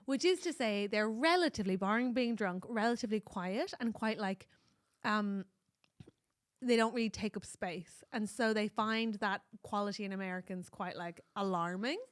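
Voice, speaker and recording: An Irish woman co-hosting a podcast, chatty and animated, handing out advice with the odd swear word. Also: medium pitch, normal speed. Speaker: podcast co-host. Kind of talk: casual chat.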